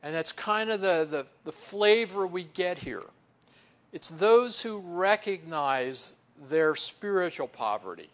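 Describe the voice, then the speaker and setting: Folksy preacher with a slightly high voice. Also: male voice, expressive. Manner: folksy, fills pauses with "you know"; stretches key words slowly for emphasis, then drops soft. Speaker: pastor or Bible teacher. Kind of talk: conversational sermon.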